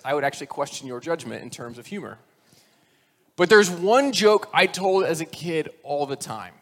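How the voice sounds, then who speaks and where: A man's voice: fairly high pitch, animated, normal speed, fairly bright tone, long reverb tail. A man in his forties preaching a sermon as pastor, conversational and self-deprecating, slipping into voiced characters when he tells a joke.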